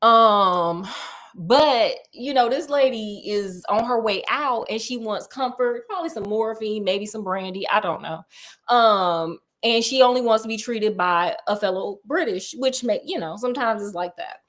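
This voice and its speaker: A woman retelling a classic story in a casual, animated way, full of jokey slang asides to her listeners. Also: mid-range voice, a little slow.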